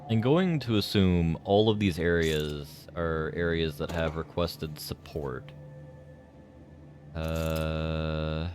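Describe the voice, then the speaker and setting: Male streamer, very deep, unhurried, rambling and filler-heavy. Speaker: game streamer. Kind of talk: casual live-stream commentary.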